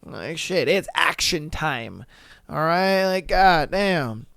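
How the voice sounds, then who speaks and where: A man's voice: on the high side, lively intonation, takes it slowly, vocal fry, a bit bright, dry recording, clean studio sound. A young man hosting a podcast, reacting to listener stories in a loose, slangy way, swearing and laughing often. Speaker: podcast host. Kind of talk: casual podcast commentary reading listener stories.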